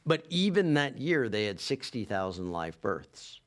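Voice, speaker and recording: Man with a very deep voice, casual podcast chat, rambling, halting, restarts a lot. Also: very animated. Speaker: podcast co-host.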